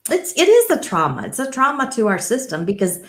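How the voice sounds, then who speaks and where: A middle-aged woman hosting a podcast interview, affirming and reflective, with a deep, rich tone. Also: big pitch swings, brisk. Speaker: podcast host. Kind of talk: conversational interview. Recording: roomy echo.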